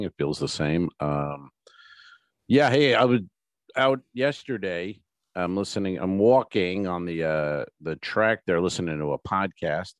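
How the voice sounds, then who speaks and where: A man with a lowish voice tells a story in casual podcast chat, his pitch swinging widely as he acts out each quote. The sound is close and dry, with no room around it. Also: no echo. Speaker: podcast co-host.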